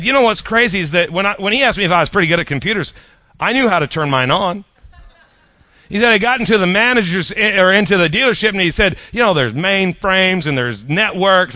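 Folksy male preacher, bright forward tone, close dry recording. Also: high-pitched, animated, fairly quick, no room sound. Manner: folksy, conversational with rhetorical questions to the audience. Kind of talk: sermon storytelling.

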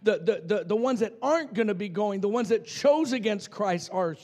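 Fervent male preacher, high voice, swings from shouting to hushed. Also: expressive, normal speed. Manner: fervent preaching, swinging between loud shouts and near-whispers. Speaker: pastor. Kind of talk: sermon.

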